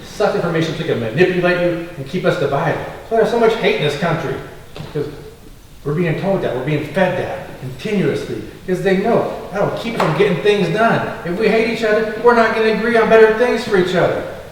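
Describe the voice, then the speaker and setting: A man's voice: sits high, brisk. A man, a congressional candidate, answering at a forum in an impassioned, fired-up way. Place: large echoey hall. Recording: echoey hall, voice from far off, faint noise.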